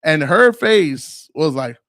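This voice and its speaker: Male podcast host, pitched a bit high, crude and blunt, mimics others in his stories; dry, close sound. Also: lively intonation, slow, fairly bright tone, dry recording. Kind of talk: casual monologue.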